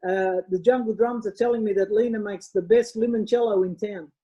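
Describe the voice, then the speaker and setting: A woman's voice: mid-range voice, fairly even intonation, fairly quick, dark tone, breathy edge, highs cut off. An Australian woman co-hosting a wine show in casual, rambling chat, often correcting herself. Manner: chatty, rambling, self-correcting.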